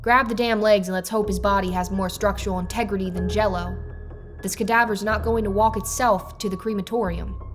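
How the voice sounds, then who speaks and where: Brief: a sharp-tongued female hospital chief, put on by a woman narrator, bossy and cold. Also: medium pitch, fairly even intonation, fairly quick, lightly acted. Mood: scornful. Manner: cutting, commanding, barks curses. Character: harsh, contemptuous female chief of medicine. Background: faint music.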